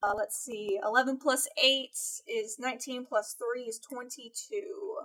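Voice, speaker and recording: A woman playing in a tabletop game, chatting casually and quickly correcting herself. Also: fairly high pitch, steady tone, a bit bright. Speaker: player.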